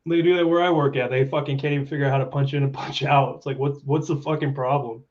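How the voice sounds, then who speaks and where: A man's voice: medium pitch, fairly even intonation, quick pace, muffled recording. A man chatting as a podcast guest in loose, profane banter, swearing and laughing often. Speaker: podcast guest, former contractor coworker.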